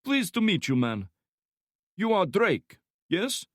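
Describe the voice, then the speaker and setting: A man's voice: sits high, very animated, slow, fairly bright tone, no echo, studio quality, voice pushed up, exaggerated voice. A male narrator voicing a wiry, jovial Slavic torturer with a heavy Slavic accent who masks threats with friendly banter. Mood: chummy.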